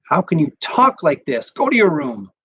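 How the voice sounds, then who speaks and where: A man voicing an exasperated mother who scolds her son and her husband in a sharp voice. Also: lowish voice, sing-song, moderate pace, vocal fry, slightly rough, dry recording, pitched above the performer's own voice, heavily acted, low-quality recording. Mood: angry. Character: exasperated mother of two sons, quick to anger.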